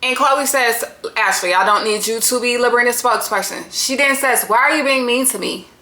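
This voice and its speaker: A woman's voice: fairly high pitch, fairly quick, pushed and bright. Blunt, cursing woman recapping reality TV. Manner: blunt, exasperated, heavy cursing. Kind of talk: casual profane recap commentary. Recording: echoey room.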